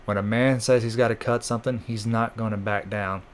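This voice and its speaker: A man's voice: lowish voice, fairly even intonation, fairly quick, a little hiss or hum, close to an everyday voice. A man reading the lines of a stern young male swordsman who speaks firmly.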